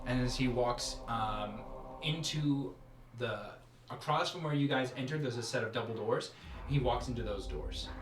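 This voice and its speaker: A man narrating as game master of a tabletop game, describing scenes in an animated way. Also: mid-range voice, moderate pace, noisy background. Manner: animated, laughing through scenes. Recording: echoey room with music.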